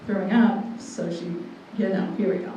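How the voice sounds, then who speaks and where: A young woman in her twenties tells a personal testimony to a room full of people, her tone warm and mellow. She tells it in a lively way and acts out what people said. Her voice comes from well back off the mic and rings through a big echoey hall, with faint ambience behind it. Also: medium pitch, moderate pace, far from the mic, a little hiss or hum. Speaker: guest speaker. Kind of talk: personal testimony told to an audience. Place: large room with a live audience.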